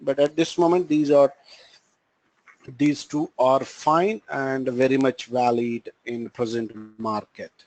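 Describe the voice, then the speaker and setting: A man with an Indian English accent teaching a live online class on cloud computing, halting and full of fillers. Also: medium pitch, fairly even intonation, a little mellow, poor audio. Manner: halting, frequent fillers and restarts. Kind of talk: live online training lecture.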